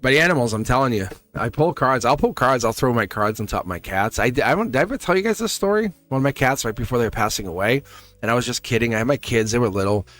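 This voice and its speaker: A middle-aged man hosting a live tarot reading, rambling and upbeat, his voice hoarse and cracking. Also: mid-range voice, expressive, fast talker, a bit bright. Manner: rambling, upbeat, repeats himself. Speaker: tarot reader and host.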